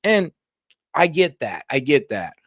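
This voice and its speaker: Lively, animated man giving blunt commentary. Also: on the high side, unhurried, no room sound, clean studio sound. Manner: blunt, slangy, talks straight to viewers. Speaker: stream host reacting to news. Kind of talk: casual reaction commentary.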